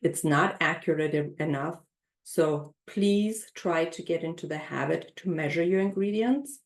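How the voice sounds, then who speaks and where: A middle-aged woman teaching a live online baking class from her home kitchen, speaking gently and leading a calm breathing exercise. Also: deep voice, measured pace, roomy sound. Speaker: baking instructor.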